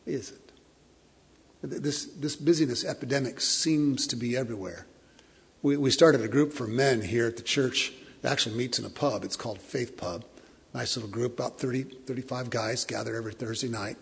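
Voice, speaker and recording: A man preaching a sermon as a pastor, earnest, often repeating words and dropping to a soft, slow hush. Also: mid-range voice, creaky, husky. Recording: long hall reverb.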